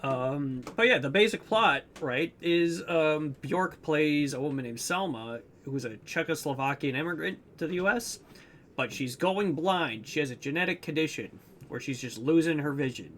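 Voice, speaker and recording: A man's voice: a little high, animated, moderate pace, fairly bright tone, a little hiss or hum. A young man co-hosting a podcast, retelling a movie plot in rambling casual chat with lots of fillers. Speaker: podcast co-host.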